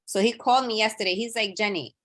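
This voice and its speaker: A woman's voice: medium pitch, fast. A woman in her thirties chatting casually on a podcast, telling a family story and acting out what each person said. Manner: animated storyteller, acting out quotes. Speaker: audience member sharing a story. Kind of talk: casual chat.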